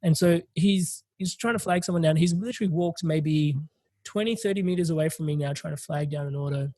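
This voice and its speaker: Animated man telling a story. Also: fairly high pitch, a little fast, dry recording. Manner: animated, swearing, laughing through a story. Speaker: podcast host. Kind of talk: casual storytelling.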